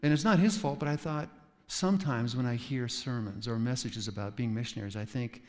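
A man's voice: mid-range voice, fairly quick, a little mellow. Guy preaching a casual story-heavy sermon, west coast sound, hall echo all around. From West Coast of the United States. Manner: conversational storytelling with asides to the audience. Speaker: pastor. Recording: reverberant hall.

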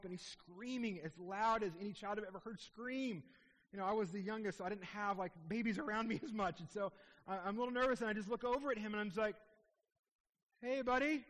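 A man in his thirties preaching a sermon as a pastor in a church sanctuary, impassioned and then dropping to a hushed tone at tender moments. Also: high-pitched. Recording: long hall reverb.

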